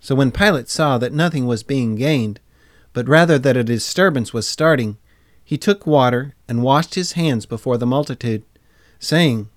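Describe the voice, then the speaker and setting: A man reading scripture aloud in a measured, deliberate narration. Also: medium pitch, no echo, studio quality. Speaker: scripture reader.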